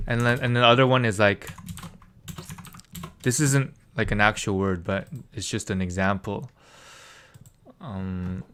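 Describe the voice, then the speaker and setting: A man teaching language in a relaxed live session, taking his time. His voice is bright and smooth, and he patiently repeats syllables again and again while filling pauses with "like". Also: on the low side. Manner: patient, drills syllables by repeating them, many "like" fillers. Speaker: Korean language tutor. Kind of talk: casual live tutoring.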